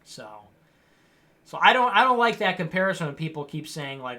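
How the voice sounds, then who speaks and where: A man's voice: high voice, big pitch swings, a little fast, sharp tone. A man hosting a livestream, reading viewer comments aloud and answering them in a sarcastic, mocking way. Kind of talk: casual political commentary.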